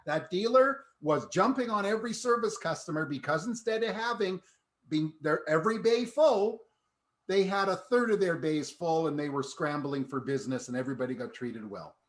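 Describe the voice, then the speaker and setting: A man hosting a podcast, reflecting in a relaxed conversational way. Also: fairly high pitch, normal speed. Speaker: podcast host. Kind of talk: casual podcast talk.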